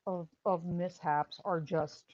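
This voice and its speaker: A middle-aged woman, a former paramedic and firearms instructor, hosting a casual live stream, telling stories with animated repetition and answering chat. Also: fairly low pitch, slow, no echo, dull audio. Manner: animated storytelling, repeats phrases, answers chat.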